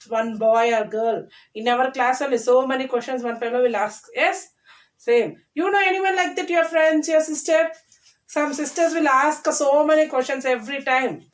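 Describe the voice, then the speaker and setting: A woman teacher, giving a recorded class lesson and repeating words slowly for children to say after her. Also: high voice, echoey room, low-quality recording.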